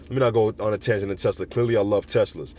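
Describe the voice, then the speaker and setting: A man giving casual, sarcastic commentary on cannabis news, animated and often acting out other people's voices. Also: on the low side, fast.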